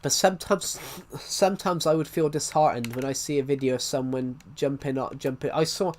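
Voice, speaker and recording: A man's voice: medium pitch, a little fast. A young man with a blocked nose, chatting casually on a live stream, rambling, restarting his sentences and swearing.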